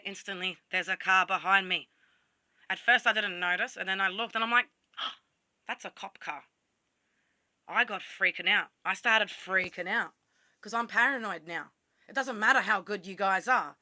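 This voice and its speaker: A woman's voice: medium pitch, sharp tone, dry recording. An Australian woman telling a personal story to camera in a blunt, casual way, swearing freely and acting out what she said to herself. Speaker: vlogger.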